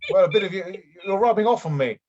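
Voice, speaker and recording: A man's voice: high voice, expressive, fast talker, a little mellow. A man improvising a bumbling, unfit middle-aged aristocrat who rambles and keeps restarting his sentences, heard over a video call. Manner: rambling, hesitant, full of ums and restarts. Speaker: improv performer. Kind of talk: improvised comedy scene. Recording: dull lo-fi video call audio.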